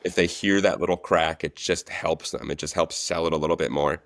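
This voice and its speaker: A man telling set stories as a guest, relaxed and chatty in a casual interview. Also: very deep voice, brisk, dry recording, studio quality. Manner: animated storyteller, relaxed and chatty. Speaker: guest, actor and stunt coordinator.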